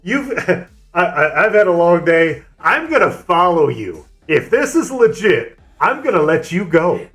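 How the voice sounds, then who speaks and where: A man's voice: high voice, very animated, a little slow, a bit bright, pitched above the performer's own voice, full character voice. A man voicing a skeptical male state trooper in a spoken anecdote, teasing and drawling with amused disbelief.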